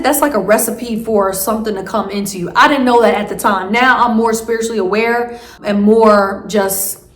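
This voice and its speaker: A woman's voice: fairly high pitch, echoey room. A woman vlogger telling a story casually, rambling with many fillers and restarts.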